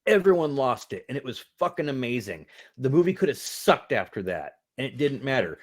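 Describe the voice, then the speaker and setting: A man in his forties co-hosts a casual film review podcast. His pitch rises and falls in lively swings as he talks, and he laughs and swears freely. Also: a little fast. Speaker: podcast co-host. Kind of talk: casual movie review chat.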